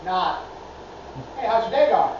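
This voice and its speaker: An actress playing a grieving daughter, telling a story in a wry, deadpan comic stage monologue. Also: female voice, mid-range voice, unhurried. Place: theatre stage. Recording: echoey hall, far off, dull, noisy.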